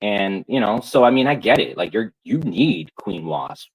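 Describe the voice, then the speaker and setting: Husky man on an angry stream rant. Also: on the low side, lively intonation, normal speed, poor audio. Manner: angry, profane, taunting.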